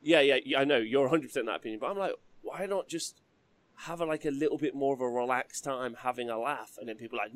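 A man hosts a casual hobby chat stream, talking in a loose, chatty way with frequent laughs. His voice sits mid-range in pitch. The sound is dry and close, with no room around it. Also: fast, no echo. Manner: chatty, laughing asides, reads donations. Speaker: livestream host.

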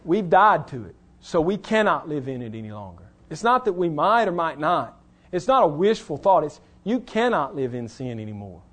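Guy pastor with a high voice, preaching hard, slows way down to hit his points. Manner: emphatic, earnest preaching with slow stressed phrases. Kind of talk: sermon. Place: church.

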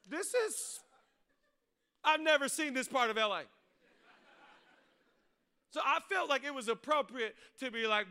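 A man, a pastor preaching a sermon, mixing funny stories with loud, rising exhortation. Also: very high-pitched, expressive, measured pace, pauses often. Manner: humorous storytelling, building to loud preaching. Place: church stage before a congregation.

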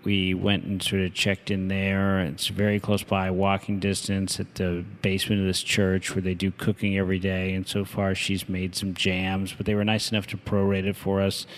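A man's voice: deep voice, completely flat delivery, moderate pace, hardly any pauses. A man hosting a casual podcast chat, teasing his co-host and chatting about his own kids. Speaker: father.

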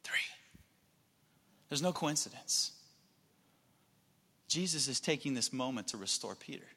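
A man's voice: mid-range voice, animated, unhurried, sharp tone, slightly rough, long reverb tail. A man preaching a sermon as pastor, talking in an earnest, conversational way. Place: church sanctuary.

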